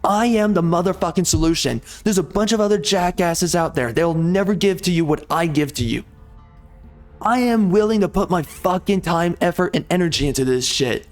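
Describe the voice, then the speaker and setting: Man, gaming youtuber, angry swearing rant, fairly high voice, faint music behind. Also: normal speed. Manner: swearing heavily, exasperated, blunt.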